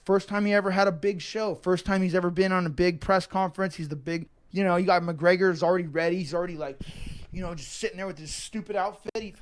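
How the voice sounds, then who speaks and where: A man in his thirties from Northern California, a professional fighter speaking in a documentary interview, talking in a rambling, profane way with many restarts and repeated words. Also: high voice.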